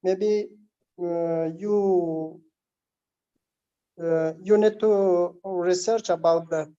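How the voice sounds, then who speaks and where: A man in a group English lesson makes his point slowly, stopping often with fillers. His voice is mellow. The audio is dull and lo-fi. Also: sits high, fairly even intonation. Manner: hesitant, many "uh" fillers. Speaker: student in an English conversation class. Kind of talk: classroom discussion.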